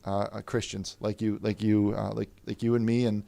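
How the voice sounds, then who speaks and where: A man's voice: lowish voice, level tone, vocal fry, warm tone, no room sound. Stammering man in a dry close recording. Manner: stammering, halting, repeats words. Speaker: plaintiff in a mock trial. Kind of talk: comedic improvised courtroom role-play.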